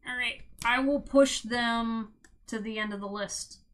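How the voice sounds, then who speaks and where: A young woman streaming a casual tarot reading, bubbly and giggly, with sudden loud exclamations and lots of "like". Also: on the high side, fairly even intonation, a little slow.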